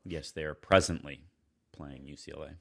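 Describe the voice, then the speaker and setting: A man's voice: a bass voice, steady tone, normal speed, gravelly, fairly bright tone. A man co-hosting a casual sports podcast, making dry, wry remarks. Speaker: podcast co-host.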